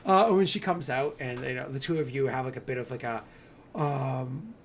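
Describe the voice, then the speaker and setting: A man running a tabletop game in a casual, animated way, laughing often and using many fillers. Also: mid-range voice, moderate pace, a little hiss or hum. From New England. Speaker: game master.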